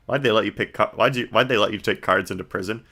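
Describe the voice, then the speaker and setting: A man reading a young male defense lawyer from a video game in a flat, deadpan monotone. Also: on the low side, fast talker.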